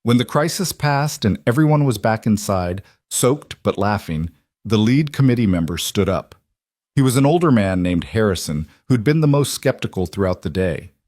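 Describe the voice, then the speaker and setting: A man with a low voice reads a scripted story in a steady, even manner. The sound is close and dry, with no room around it. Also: moderate pace, no room sound. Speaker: narrator.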